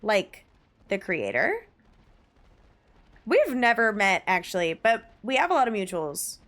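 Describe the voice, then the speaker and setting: A woman's voice: medium pitch, wildly swooping pitch, unhurried, fairly bright tone. A woman streaming live, chatting casually with viewers and gushing emphatically, with the odd swear. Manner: gushing, emphatic, swears, reads chat aloud. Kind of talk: casual livestream chat.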